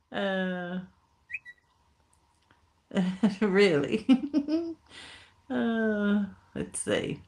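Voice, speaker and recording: A woman with a broad Appalachian accent chats her way through a live stream, her pitch swinging up and down as she greets viewers. She takes her time, drawing her words out slowly in folksy, down-home phrasing. She laughs easily between comments. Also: lively intonation, a little mellow. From Tennessee, USA. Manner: laughs often, folksy talk. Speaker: livestream host reading chat. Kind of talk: casual live-stream chat.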